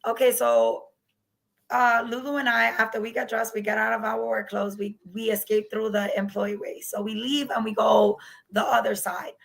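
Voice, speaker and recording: A woman's voice: fairly high pitch, level tone, normal speed, gravelly, rough recording. A woman, speaking candidly as an interview guest recounting her own experience and acting out past conversations. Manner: candid, acts out past dialogue. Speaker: guest sharing her story. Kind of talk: personal storytelling.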